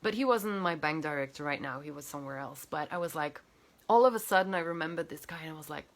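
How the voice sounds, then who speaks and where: A woman coach telling a personal story to camera, animated and emotional, with many fillers and restarts. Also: low-pitched, fast talker. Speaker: healer and coach.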